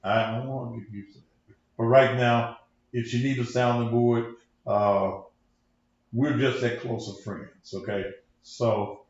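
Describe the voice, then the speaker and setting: A man's voice: medium pitch, steady tone, unhurried. A man, a pastor hosting his own show, talking casually in a rambling, cussing preacher manner. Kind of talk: casual livestream talk. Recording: echoey room, dull lo-fi sound.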